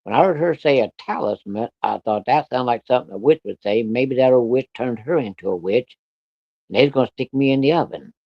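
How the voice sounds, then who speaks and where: A man's voice: mid-range voice, brisk, no room sound, dull audio. A man telling a story from his childhood in a casual, folksy way, with colloquial country grammar and plenty of cursing.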